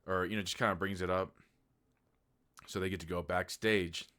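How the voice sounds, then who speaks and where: A man's voice: low-pitched, steady tone, moderate pace, pushed and bright. A man giving a casual, rambling movie review, candid and loose, with lots of filler words and the odd swear.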